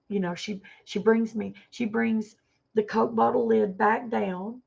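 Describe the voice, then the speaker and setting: Gravelly husky woman on a lo-fi livestream. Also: on the high side, steady tone, unhurried, darkish tone. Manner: earnest, rambling, repeats herself. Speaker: livestream vlogger. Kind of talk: emotional personal livestream talk.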